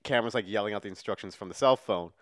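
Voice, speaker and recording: A man's voice: on the low side, rapid-fire, no room sound, studio quality. A young man co-hosting a podcast in casual chat, retelling scenes with lots of energy, casual swearing and frequent laughter. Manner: animated storyteller, swears casually, laughs often. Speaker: podcast co-host.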